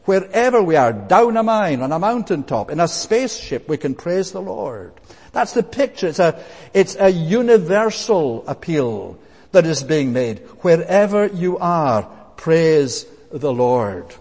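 A man preaches a sermon with an earnest, emphatic delivery and leans on repeated phrases. His voice sits a little higher than most men's. The sound carries a long reverb, as if recorded in a church hall. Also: sing-song, measured pace, a little mellow, breathy edge.

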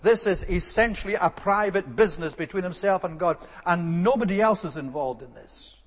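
A man's voice: high voice, animated, moderate pace, long reverb tail. A man preaching an earnest, emphatic sermon and repeating his key words for stress.

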